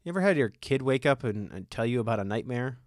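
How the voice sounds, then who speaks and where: A man's voice: medium pitch, expressive, quick pace, no room sound, studio quality. A man in his thirties doing a stand-up comedy set, rambling and self-deprecating in a conversational way.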